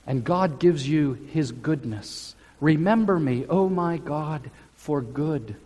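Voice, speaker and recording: A man preaching a sermon as pastor, speaking slowly and emphatically with drawn-out phrases. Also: fairly high pitch, warm tone. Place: church sanctuary. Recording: church hall with long reverb.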